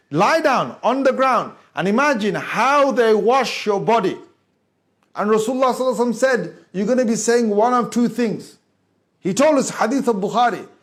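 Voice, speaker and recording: A man preaching a dramatic sermon to a gathering, urging listeners to picture their own death and dropping low before rising to sharp exclamations. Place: mosque hall before a gathering.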